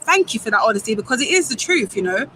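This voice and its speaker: A woman's voice: fairly high pitch, big pitch swings, fast talker, fairly bright tone, slight background noise, poor audio. A young woman from the Caribbean, reading viewers' comments on a live stream outdoors and answering them with playful banter. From Grenada and Saint Vincent. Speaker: football fan streamer. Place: outdoors near a football stadium.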